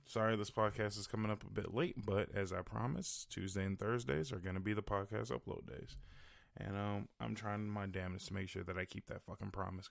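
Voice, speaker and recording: Gravelly, tired, profane male podcast host. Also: fairly low pitch, no room sound, clean studio sound. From American Midwest. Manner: profane, exasperated, laughs often. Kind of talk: casual solo rant.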